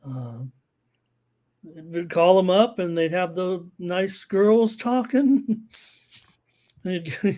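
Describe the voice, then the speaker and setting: A man's voice: high voice, slow pace, long pauses, dark tone. A man co-hosting a casual sports betting stream, joking, telling stories and laughing often. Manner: jokey storyteller, puts on voices, laughs often. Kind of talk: casual chat.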